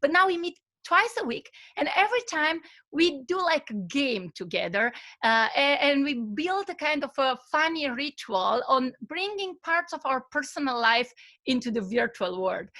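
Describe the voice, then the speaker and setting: A woman's voice: a little high, a bit bright. A woman giving an online webinar presentation over a video call, telling a story and speaking hesitantly with many fillers and restarts.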